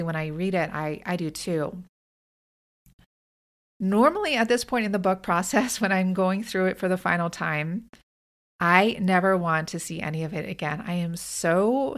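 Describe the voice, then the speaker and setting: A woman hosting her own podcast, talking in an earnest, reflective way and often restarting her sentences. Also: on the low side. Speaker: podcast host and author. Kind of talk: personal reflective monologue.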